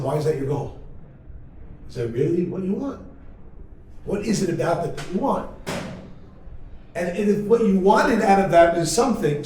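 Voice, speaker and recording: Energetic rabbi lecturing in an echoey hall. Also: male voice, sits high. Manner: energetic and humorous, with many rhetorical questions. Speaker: rabbi teaching a class. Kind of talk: lively classroom lecture with storytelling. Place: large study hall. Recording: very echoey hall, mic far off, faint noise.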